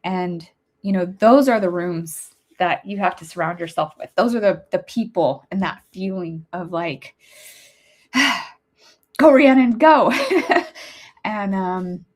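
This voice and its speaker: A woman's voice: lowish voice, unhurried, darkish tone. A woman in her forties telling a personal story as a podcast host, chatty and laughing, turning emotional and teary. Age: 40s.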